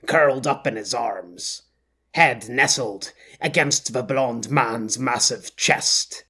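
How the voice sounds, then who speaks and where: A man reading an audiobook as narrator in a measured, intense style. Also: mid-range voice, bright, forceful tone, breathy edge.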